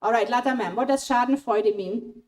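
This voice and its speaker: In a small auditorium at a college event, a German-language speaker leads an audience quiz at a moderate pace. Her high-pitched voice is bright and lively as she holds a handheld mic, playfully coaxing people toward answers and keeping everyone engaged.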